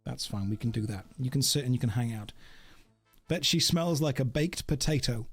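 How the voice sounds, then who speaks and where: While gaming on a livestream, a man talks casually and jokily to his chat and his dog. He has a husky, animated voice of medium pitch at a moderate pace, over soft background music.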